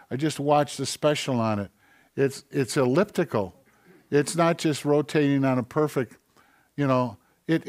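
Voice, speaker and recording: A male pastor preaching a conversational sermon in a church, building up to forceful questions. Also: mid-range voice.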